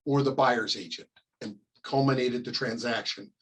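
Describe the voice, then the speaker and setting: A middle-aged man from California teaching a class, talking casually and acting out quick examples, often coughing and clearing his throat. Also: medium pitch, fairly even intonation, a bit bright, low-quality recording. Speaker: real estate ethics instructor. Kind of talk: classroom lecture.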